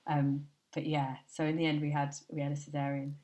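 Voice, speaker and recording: A woman guest on a podcast, telling lively anecdotes in a chatty way and laughing often. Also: low voice, fairly quick, echoey room. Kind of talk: chatty storytelling.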